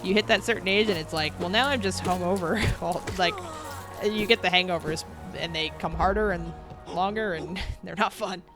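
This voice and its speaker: A woman's voice: on the low side, moderate pace, over music. A woman in her thirties chatting casually on a live stream, reading out viewer comments, telling stories and laughing often. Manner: chatty and laughing, reads viewer comments aloud and answers them. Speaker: game streamer.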